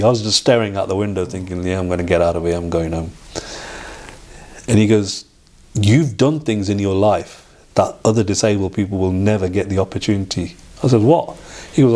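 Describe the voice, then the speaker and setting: A middle-aged man, an interview guest telling a personal story in a halting way, with restarts and acted-out quoted dialogue. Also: on the low side, darkish tone.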